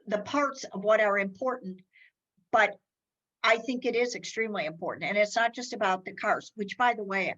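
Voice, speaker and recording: A woman's voice: medium pitch, a bit bright, dull audio. A middle-aged woman hosting a podcast in casual conversation. She is chatty and rambling, with many restarts and fillers. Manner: acts out others' lines in quoted voices while telling stories. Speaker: podcast host.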